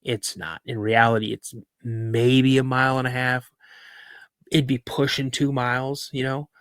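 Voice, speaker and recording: A man in casual conversation, recounting a story with lively delivery and acting out the people he quotes. His voice sits at a middling pitch for a man, and the recording is dry and close. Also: a little slow, smooth, dry recording. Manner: animated storyteller, acts out quoted voices, many fillers. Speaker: podcast host, guest.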